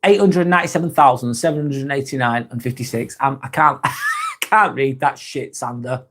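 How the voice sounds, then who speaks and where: A man's voice: mid-range voice, normal speed, fairly bright tone. A man hosting a casual live chat, reading viewer comments aloud, laid-back, laughing often and swearing freely. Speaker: livestream host.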